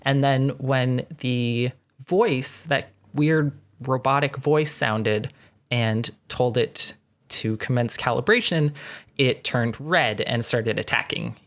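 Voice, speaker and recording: Slow, low-voiced woman game master. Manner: slow, descriptive narration with casual fillers. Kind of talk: narrating a tabletop game.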